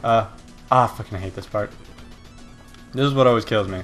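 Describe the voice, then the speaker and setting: A man's voice: on the low side, fairly quick, fairly bright tone, faint music behind. Rambling, jokey young man gaming. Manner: rambling, self-deprecating, jokey. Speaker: gaming video host. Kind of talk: casual let's-play commentary.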